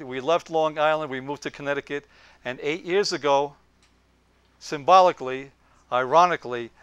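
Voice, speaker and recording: A man's voice: a little high, fairly bright tone, smooth, no echo. A man, giving an anecdotal lecture to a group. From Brooklyn, New York. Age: 70s. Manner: anecdotal, leans in on quoted lines. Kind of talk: storytelling lecture.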